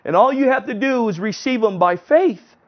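A man voicing a calm, kindly male night custodian who speaks patiently and reassuringly. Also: very high voice, normal speed, voice pushed up. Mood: gentle. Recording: dull lo-fi recording.

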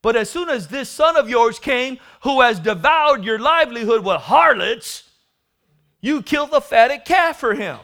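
A male preacher voicing a self-righteous older brother who complains indignantly in a raised, high voice. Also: lively intonation, measured pace, fairly bright tone, heavily acted.

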